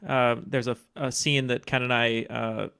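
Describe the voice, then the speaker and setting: A man answering trivia questions on a podcast, measured and thoughtful, pausing often with "uh". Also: mid-range voice, level tone, creaky, fairly bright tone, smooth. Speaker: solo quiz contestant. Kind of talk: casual podcast chat.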